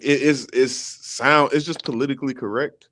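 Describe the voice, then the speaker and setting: Measured man reasoning on a panel. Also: mid-range voice, fairly even intonation, a bit bright. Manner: measured, reasoning, with frequent fillers. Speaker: podcast co-host. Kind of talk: casual chat.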